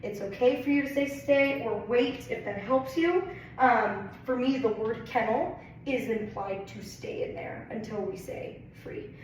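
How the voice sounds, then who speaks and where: A woman's voice: fairly high pitch, measured pace. A woman dog trainer giving a casual training demonstration, explaining plainly and often checking in with "right?" and "okay?". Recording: very echoey room, mic far off, faint noise.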